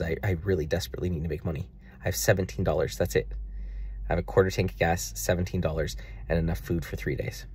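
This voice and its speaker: In his video diary, a young man with a low, slightly mellow, husky voice talks about faith and money. His reflection is earnest, long-winded, and full of faith.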